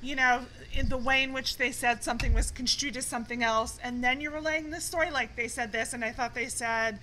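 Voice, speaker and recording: A high-voiced woman co-hosting a panel chat, insistent and argumentative as she presses her point. There is a clear hiss of noise in the recording. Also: steady tone, fairly quick, sharp tone, poor audio.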